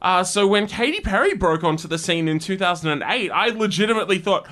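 A man hosting a casual music review chat, animated and quick to act out quotes. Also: high-pitched. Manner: animated, acts out quotes with laughs. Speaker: host.

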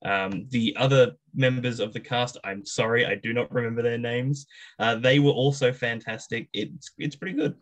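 A man's voice: medium pitch, normal speed, poor audio. A man co-hosting a gaming show, chatting casually about a film with many fillers. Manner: relaxed, rambling with fillers. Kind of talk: casual review chat.

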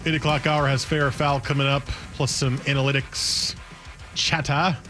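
A man's voice: mid-range voice, normal speed, faint music behind. A man in his thirties co-hosting a sports radio show, telling stories with laughs and acted-out quotes. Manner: animated storytelling, acts out quotes with laughs. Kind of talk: casual sports radio banter.

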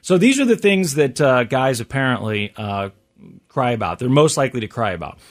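A man's voice: mid-range voice, big pitch swings, brisk. A male radio host chatting casually and reading out survey figures.

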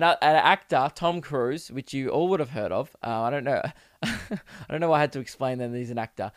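Young Australian guy hosting a podcast solo, rambling and crude, laughs a lot, a bit high-pitched, clean dry sound. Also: clean tone, dry recording. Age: 20s. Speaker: podcast host. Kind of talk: casual solo podcast chat. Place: home recording setup.

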